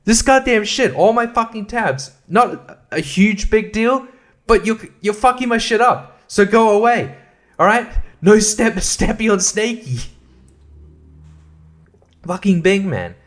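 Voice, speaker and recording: Aussie guy in his 30s swearing through a rant, kinda high voice, keeps laughing at himself. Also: expressive, unhurried. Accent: Australian. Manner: profane, exasperated ranting with laughs. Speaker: podcast host. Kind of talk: solo ranting podcast.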